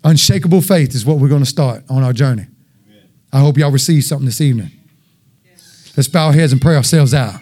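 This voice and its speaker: A man preaching a folksy, animated sermon in church, talking straight to the congregation and acting out voices and sounds. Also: mid-range voice, fairly quick, pauses often, breathy edge.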